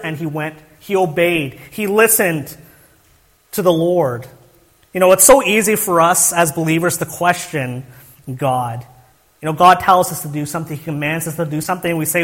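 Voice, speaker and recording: High-voiced young man preaching in a hall. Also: moderate pace, fairly bright tone. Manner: earnest preaching with rhetorical questions and restarts. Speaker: pastor. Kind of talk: sermon.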